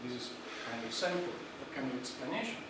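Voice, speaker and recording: A man giving a public lecture in a hall, halting and searching for words, with many fillers. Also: mid-range voice, very animated. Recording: echoey hall, distant, noisy.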